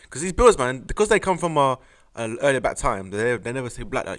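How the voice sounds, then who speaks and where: A man's voice: mid-range voice, sing-song, fast talker, fairly bright tone. A young man, co-hosting a casual chat in slangy, jokey talk. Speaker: podcast co-host.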